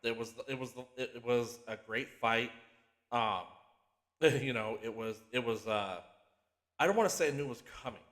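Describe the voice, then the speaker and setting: A man hosting a podcast, recapping a TV series in an excitable, profane, animated way and often restarting his sentences. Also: medium pitch, normal speed. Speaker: podcast host.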